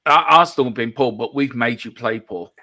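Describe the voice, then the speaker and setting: A man's voice: mid-range voice, a little fast, no echo. A man appearing as a guest on a live football watchalong, chatting animatedly and joking with the host. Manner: joking, animated, puts on silly voices. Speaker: guest from a fan channel.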